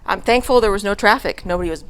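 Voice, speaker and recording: A woman's voice: medium pitch, fast talker, slight background noise. A middle-aged woman telling a story to her church congregation in a chatty way, with laughs, fillers and restarts. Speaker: church speaker. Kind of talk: casual storytelling message to a congregation.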